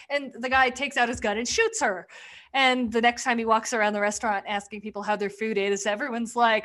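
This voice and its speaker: A woman's voice: fairly high pitch, fairly quick, a bit bright. A woman in casual podcast chat, rambling through a sketch recap, swearing freely and acting out quoted lines. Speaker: podcast co-host.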